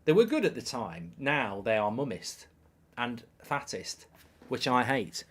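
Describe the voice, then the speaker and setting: A man's voice: medium pitch, expressive, normal speed. A man hosting a live football watchalong, chatting, reading out viewer messages, and reacting to the game. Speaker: host.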